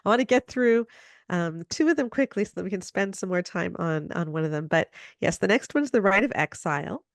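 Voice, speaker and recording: A woman's voice: mid-range voice, lively intonation, fairly quick, no room sound. A woman hosting a podcast, chatty and upbeat, leaning on fillers as she talks. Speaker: podcast host. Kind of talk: podcast conversation.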